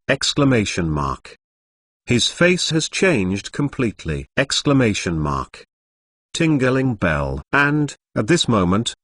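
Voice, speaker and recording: A computer-generated man's voice narrates a web novel in a bouncy, up-and-down pitch, saying the punctuation marks out loud as words. The sound is close and dry, with no room around it. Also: breathy edge, no echo. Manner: reads punctuation marks aloud.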